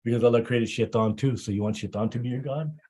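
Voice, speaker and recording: A man preaching a Muharram sermon, halting often and repeating words as he builds his story. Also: medium pitch, fairly even intonation, darkish tone, breathy edge.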